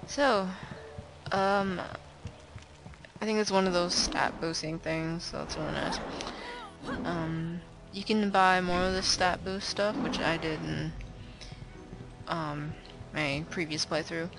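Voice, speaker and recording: Casting: young woman for a relaxed game commentary, chatty and giggly, a bit low, over game music. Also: takes it slowly, long pauses. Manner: chatty and giggly, with many fillers. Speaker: let's play gamer. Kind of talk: casual gameplay commentary.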